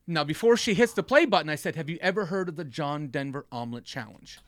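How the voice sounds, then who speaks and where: A man with a slightly high, very lively voice spins a comic story in casual chat, jumping into the voices of the people in it. The sound is dry and close, with no room around him. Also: quick pace, no echo. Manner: animated storytelling, acting out quotes. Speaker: storyteller on a comedy podcast.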